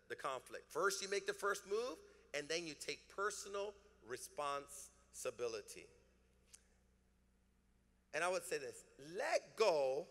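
A male pastor preaching a sermon, prompting the congregation to repeat after him and swinging between emphatic peaks and quiet asides. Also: on the high side. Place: church sanctuary. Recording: reverberant hall.

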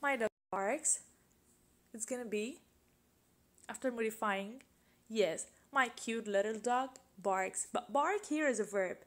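Woman, English teacher, classroom grammar lesson, patient, repeats examples, unhurried delivery. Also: fairly high pitch. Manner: slow, patient, asks questions and repeats examples.

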